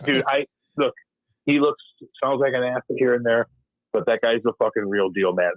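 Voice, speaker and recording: A man's voice: mid-range voice, little pitch movement, moderate pace, no room sound, phone-quality sound. A man, a former hockey enforcer, chatting as a guest with blunt, profane talk and frequent laughs while acting out old exchanges. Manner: blunt, swearing often, laughing, acting out quotes. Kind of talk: casual profane interview chat.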